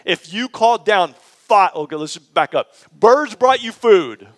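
A man preaching a sermon in a conversational, animated storytelling way, prompting his listeners and acting out the people in the story. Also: high-pitched, a little slow, in a large hall. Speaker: pastor.

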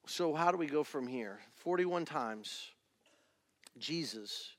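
Male pastor, middle-aged, sermon, animated delivery, high voice, dry sound. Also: slow pace, dry recording. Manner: animated, acts out family scenes in different voices. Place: church.

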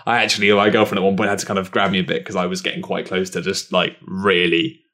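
A man's voice: sits low, quick pace. Sweary man telling a story. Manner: animated storytelling, heavy swearing. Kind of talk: casual chat.

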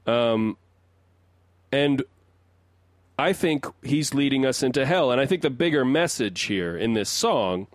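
A man in casual podcast talk, working out a long theory out loud, stopping and restarting his sentences as he goes. His voice is captured close and dry, with no room sound, at an ordinary middle pitch. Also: animated, measured pace, pauses often, dry recording. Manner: rambling, restarts sentences while building an argument. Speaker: podcast co-host and resident song analyst.

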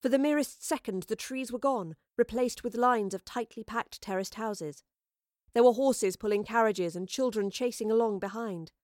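A woman narrating an audiobook in a measured, expressive reading. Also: fairly high pitch, no room sound, clean studio sound.

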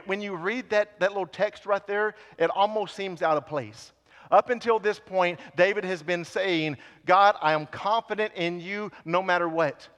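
A man preaching a sermon with passion, swinging between loud appeals and hushed lines. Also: high-pitched. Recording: long hall reverb.

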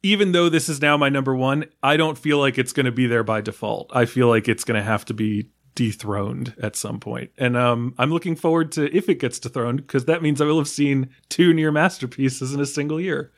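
A man's voice: medium pitch, fairly even intonation, fairly quick, few pauses. A man from the United States talking casually about a film, rambling with many fillers, restarts and small laughs. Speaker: film podcast guest.

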